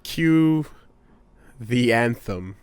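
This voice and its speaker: A man's voice: mid-range voice, animated, drawn-out words, smooth. A man co-hosting a podcast, chatting casually with dry, teasing humor in a laid-back way. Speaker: podcast co-host.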